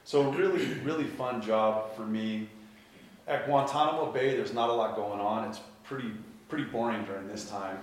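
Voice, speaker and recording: A man telling a personal story in a lively way, often laughing at his own tale. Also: on the low side, moderate pace. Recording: echoey room from far off.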